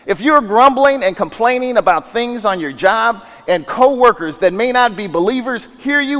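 High-voiced pastor preaching in a hall. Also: male voice, expressive, normal speed, hardly any pauses, a bit bright. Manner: conversational preaching with rhetorical questions and many restarts. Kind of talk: sermon. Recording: long reverb of a large hall.

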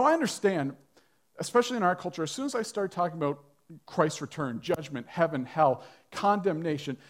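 Delivering a sermon to his congregation, a high-voiced male pastor shares a story in a chatty way, sprinkling in gentle humor.

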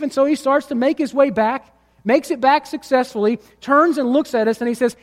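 A man's voice: very high-pitched, lively intonation, normal speed, big-room sound. A male pastor preaching a sermon to his congregation, telling a vivid story and driving his points home with emphatic repetition. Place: church sanctuary before a congregation.

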